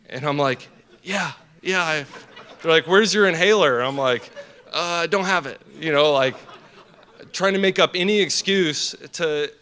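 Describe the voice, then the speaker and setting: A young man giving an earnest, animated personal story as a speaker at a team dinner, with many fillers and restarts. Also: medium pitch, clear, resonant tone. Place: banquet hall.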